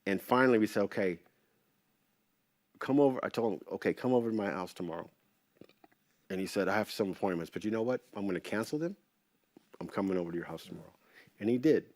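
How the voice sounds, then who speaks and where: A middle-aged man as an interview guest, telling casual stories in an animated way, swearing freely and acting out what others said. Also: fairly low pitch, fast, pauses often, no room sound. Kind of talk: casual storytelling.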